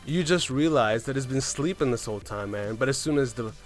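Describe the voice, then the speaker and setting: A man's voice: medium pitch, fairly quick, soft background music. A man casually telling a story about a game run, rambling along and often tagging on "right?" and "man". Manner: rambling, keeps asking "right?" and saying "man".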